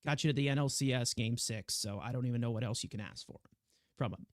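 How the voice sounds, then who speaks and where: A man co-hosting a casual sports podcast, animated and rambling with many restarts. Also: medium pitch, fast, dry recording, studio quality. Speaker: podcast co-host.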